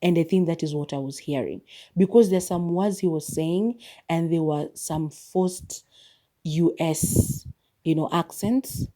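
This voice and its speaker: A woman hosting a podcast and talking through a movie review in a relaxed, chatty way. She is expressive and laughs often. Her voice sits a little low, with a dark, mellow tone. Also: unhurried. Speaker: podcast host. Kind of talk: casual movie review chat.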